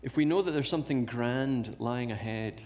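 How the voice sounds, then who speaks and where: A man's voice: mid-range voice, moderate pace, a little mellow. A man preaching a sermon in a church, repeating key phrases and asking rhetorical questions. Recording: long reverb of a large hall.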